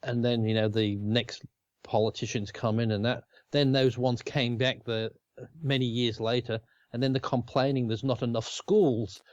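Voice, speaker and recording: A man's voice: medium pitch, fairly even intonation, normal speed, a little mellow, no echo, highs cut off. A man with an Australian accent co-hosting a casual chat, rambling and chuckling often. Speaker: co-host.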